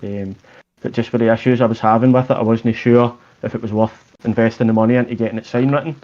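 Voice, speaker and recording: A man's voice: mid-range voice, steady tone, fast talker, a little mellow, highs cut off. A Scottish man, a tradesman guest, chatting casually in a plain-spoken way with some restarts. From Scotland. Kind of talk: casual chat.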